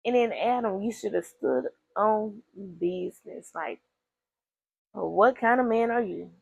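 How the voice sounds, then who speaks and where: A woman with a gravelly, creaky voice riffs through a story in loose, slangy talk, addressing her listeners directly. Her voice sits at an ordinary pitch and sounds close and dry, with no room around it. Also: a little slow, dry recording, lo-fi sound. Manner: animated, slangy, talks straight to listeners; laughs often. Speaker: host. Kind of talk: casual storytelling commentary.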